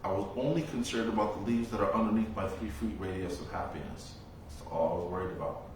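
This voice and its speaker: Male monk teacher, calm unhurried storytelling sermon, recorded far from the mic in a boomy room with faint noise. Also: very echoey. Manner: slow, reflective storytelling with long pauses. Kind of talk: dharma talk.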